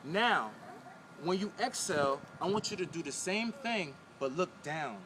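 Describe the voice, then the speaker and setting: A man's voice: on the high side, animated, unhurried, fairly bright tone, slight background noise. A man teaching a breathing and pelvic floor exercise in a casual video, repeating his instructions and speaking straight to the viewer. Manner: repetitive, coaching, direct to viewer. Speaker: spiritual wellness teacher.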